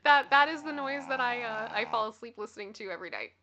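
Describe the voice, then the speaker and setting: A woman's voice: on the high side, expressive, fast talker, bright, forceful tone, a little hiss or hum. A woman hosting a casual livestream, chatting with viewers, reading their comments aloud and giggling often. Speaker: livestream host. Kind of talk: casual chat with live viewers.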